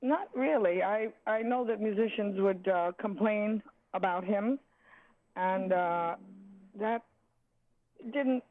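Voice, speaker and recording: An older woman, a jazz singer, reminiscing in an interview, halting and searching for words with many restarts. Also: mid-range voice. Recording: tinny phone line.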